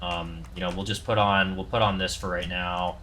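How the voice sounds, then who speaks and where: A man's voice: sits low, flat delivery, normal speed, pushed and bright, a little hiss or hum. A man casually narrating a walkthrough of a game server he helps build, in a loose, rambling way with lots of ums and restarts. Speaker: server developer showing off his game server.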